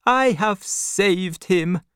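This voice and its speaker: A man voicing a protective older doctor in a storybook reading, the voice lifted well above the narrator's own and drawn out slowly. The tone is soft and steadying, and the sound is close and dry with no room echo. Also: high-pitched, smooth, pitched above the performer's own voice, full character voice. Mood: soothing. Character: gentle older male doctor, calm and protective.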